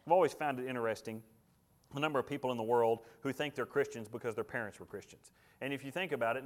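A male pastor, preaching a sermon emphatically, swinging between loud, high declarations and low, quiet asides. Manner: emphatic preaching with big swings in loudness and pitch.

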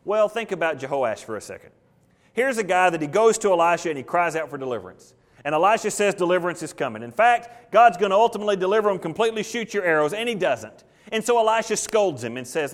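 Preaching fast in a high voice with big swings in pitch, this pastor works through a passage expositorily. His tone is conversational as he questions the congregation and acts out biblical characters' thoughts in quoted voices.

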